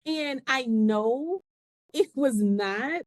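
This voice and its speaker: A woman's voice: high-pitched, lively intonation, extremely slow, dry recording. A woman who is a podcast guest, telling a personal story in casual conversation and acting out the voices of the people she quotes.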